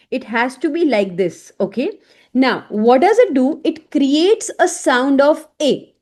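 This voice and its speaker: A woman teaching an online French lesson. She explains slowly, repeats words and often checks in with "okay?". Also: fairly high pitch, darkish tone.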